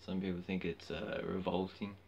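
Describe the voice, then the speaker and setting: A man livestreaming from his phone, chatting casually and bluntly, cheeky and quick to get loud and heated. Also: low voice, little pitch movement, gravelly, muffled recording, slight background noise. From Australia.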